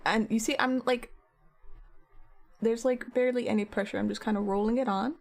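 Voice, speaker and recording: A woman's voice: on the high side, fairly even intonation, brisk, vocal fry. A woman art streamer chatting casually while sculpting on a live stream, rambling with lots of filler words.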